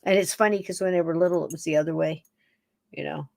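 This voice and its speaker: A woman's voice: low-pitched, fairly even intonation, fast talker, creaky, a little mellow, no room sound, clean studio sound. A woman hosting a podcast, chatting casually in a rambling, affectionate way and laughing often. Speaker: podcast host. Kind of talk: casual chat, talking to her pets on camera.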